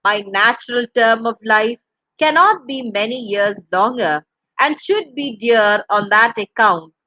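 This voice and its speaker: A woman's voice: mid-range voice, bright, forceful tone, no echo, rough recording. A woman voicing a desperate, tearful elderly woman in a veil who pleads urgently, read aloud from a classic story.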